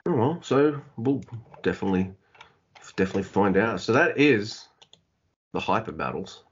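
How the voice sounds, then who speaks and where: Male co-host, lowish voice, relaxed, muffled lo-fi audio. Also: moderate pace, husky. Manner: easygoing, laughs often, reads through lists. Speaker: podcast co-host. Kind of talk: casual wrestling chat.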